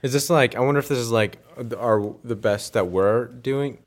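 A man's voice: mid-range voice, moderate pace. A man co-hosting a podcast, joking around and moving the chat into its next segments. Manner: jokey, leads into segments. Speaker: podcast co-host. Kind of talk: casual podcast banter.

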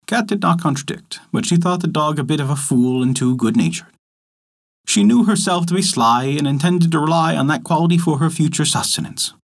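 Husky expressive male storyteller. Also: fairly high pitch, a little fast. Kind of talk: scripted narration.

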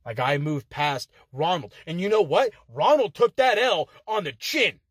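A man's voice: on the high side, lively intonation, unhurried, breathy edge, dry recording, clean studio sound. A man cutting an aggressive, profane wrestling trash-talk promo from inside a car, sounding heated.

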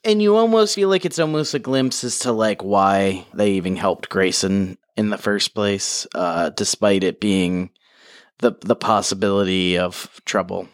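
A man's voice: on the low side, unhurried, dry recording, studio quality. A man co-hosting a podcast, musing thoughtfully on a book in casual chat. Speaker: podcast co-host.

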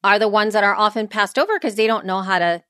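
A woman's voice: medium pitch, fast talker, bright, forceful tone, clean tone, no room sound, studio quality. A woman co-hosting a podcast, chatting casually and animatedly in long run-on sentences. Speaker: podcast co-host. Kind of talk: casual chat.

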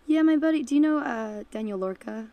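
A woman's voice: on the high side, animated, a little fast, warm tone. A woman in her forties, a musician raised in Detroit and Nashville, chatting casually in an interview, with hissing S sounds and a habit of trailing off mid-thought. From United States, Detroit and Nashville. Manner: chatty, laughs often, trails off mid-sentence. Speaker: musician guest.

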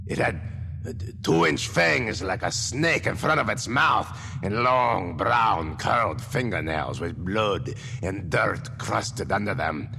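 A man's voice: on the low side, animated, takes it slowly, gravelly, big-room sound, a little hiss or hum, pitched below the performer's own voice, exaggerated voice. A man voicing a brooding old village blacksmith who tells a grim tale with emphatic bursts. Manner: grim, emphatic storytelling with sudden shouts.

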